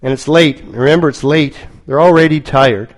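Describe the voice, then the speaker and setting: A man preaching a sermon, telling a story slowly and dramatically, with lots of repetition. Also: on the high side, low-quality recording.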